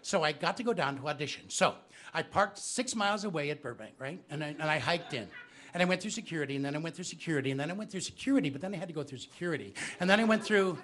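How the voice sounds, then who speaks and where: A man's voice: on the high side, animated, very fast, a bit bright, a little hiss or hum. A man telling comic stories live to an audience in a bookstore, chatting with the crowd. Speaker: storyteller.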